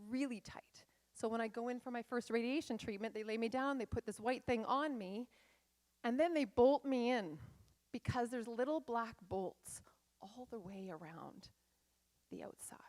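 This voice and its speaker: A woman's voice: mid-range voice, a little mellow. A middle-aged woman, a life coach, giving a candid and dramatic personal storytelling talk on stage.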